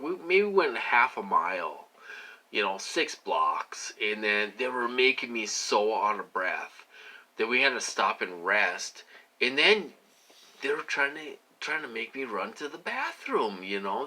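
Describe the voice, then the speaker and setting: A man's voice: mid-range voice, sharp tone, poor audio. A man talking to his viewers in a rambling casual monologue, full of fillers and "you guys" asides. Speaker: vlogger.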